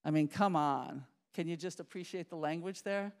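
A middle-aged woman, a psychology professor, giving a lively public lecture, restarting sentences and talking straight to the audience. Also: fairly low pitch, moderate pace. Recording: reverberant lecture hall.

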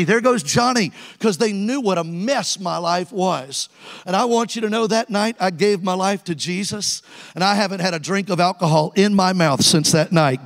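The speaker is a storytelling preacher in his sixties who calls out to his congregation while delivering an evangelist's sermon in a church sanctuary. His voice is high and echoes in a large hall.

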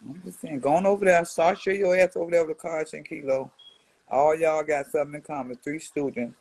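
A brash woman in her seventies rants at a rival in a profane, mocking response video. She swings between muttered asides and loud jabs. Her voice sounds close and dry, with no room echo. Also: sits low, steady tone, fairly quick, slightly rough. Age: 70s. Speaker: social media personality answering a rival. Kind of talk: profane trash-talking response rant.

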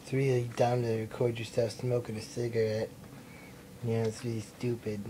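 A man's voice: medium pitch, flat delivery, normal speed, warm tone, a little hiss or hum. A young man rambling and swearing in a casual, self-mocking way while he records himself at home. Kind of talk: casual vlog. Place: indoors at his mom's house. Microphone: self-recorded camera mic.

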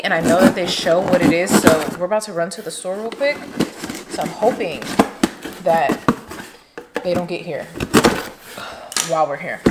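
A young woman, casually vlogging at home and gushing excitedly over her daughter's toys, sometimes dropping to a whisper. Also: fairly low pitch. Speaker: vlogger and mom. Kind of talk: casual vlog chat. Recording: loud background noise.

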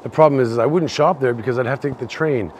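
On an outdoor city shopping street, a man from Canada leads a live-streamed walking tour, a little tipsy and rambling as he talks to chat viewers. He has a Canadian accent and a medium-pitched, slightly mellow voice at a quick pace, with slight background noise.

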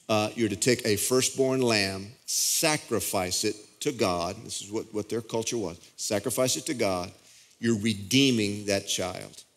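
Folksy pastor preaching. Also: male voice, mid-range voice. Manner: folksy, emphatic preaching with sudden loud bursts and repeated phrases. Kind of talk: sermon.

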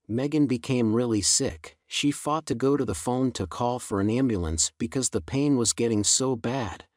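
A man's voice: mid-range voice, no echo. Man reading a story in a dry room. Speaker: narrator. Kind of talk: scripted story narration.

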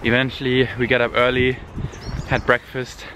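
A man talks casually to his camera, relaxed and chatty, pausing on ums and laughing lightly. His voice sits mid-range. Steady outdoor noise and passing traffic run behind him. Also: mid-range voice, roomy sound. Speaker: vlogger. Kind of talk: casual vlog talk. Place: outdoors in a park.

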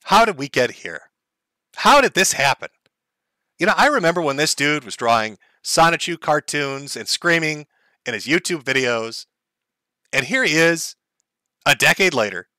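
Lively bright-voiced sarcastic man. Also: on the high side, no echo. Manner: sarcastic, crude and mocking, laughs often. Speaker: livestream host. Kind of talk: livestream commentary.

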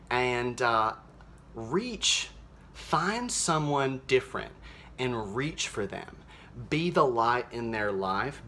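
A man playing a cheerful, naive small-town mom, talking in a folksy, rambling way with many fillers in a deadpan comedic monologue. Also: medium pitch, slight background noise. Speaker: social media show host character.

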